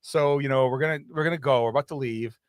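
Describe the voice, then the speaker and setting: A man's voice: mid-range voice, quick pace, dry recording, studio quality. A man co-hosting a podcast, telling a rambling, profane story in casual chat. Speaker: podcast co-host.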